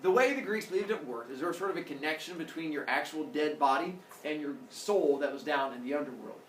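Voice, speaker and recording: A male teacher telling a story to his class in an animated way, acting out characters with sound effects. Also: a little high, fast, slight background noise. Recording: echoey classroom from far off.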